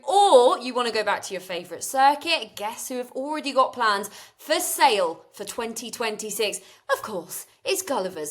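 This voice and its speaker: Bubbly bright-voiced woman host. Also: fairly high pitch, roomy sound. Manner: bubbly, laughs often. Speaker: podcast host. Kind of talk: casual podcast chat and ad read.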